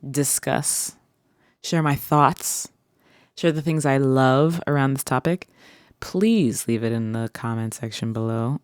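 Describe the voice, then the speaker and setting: With a bass voice, a woman hosting her own vlog talks to her viewers in a playful, rambling solo chat full of drawn-out words. The sound is studio quality without room sound, heard through headphones.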